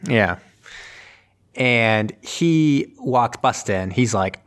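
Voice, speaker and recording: A man's voice: medium pitch, expressive, very slow, pauses often, fairly bright tone. A man in casual conversation, recapping a film in a loose, rambling way with lots of fillers and self-corrections. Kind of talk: casual chat.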